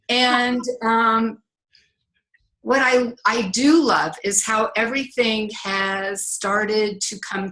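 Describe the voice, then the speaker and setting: A woman's voice: mid-range voice, fairly bright tone, rough recording. A middle-aged woman, a relationship coach, talking as a podcast guest in a reflective way with some fillers. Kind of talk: podcast interview.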